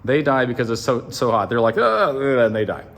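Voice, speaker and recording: A man's voice: mid-range voice, brisk. Joking man retelling an old story. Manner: jokey, animated, asides to the listener. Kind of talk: comic retelling of a Bible story.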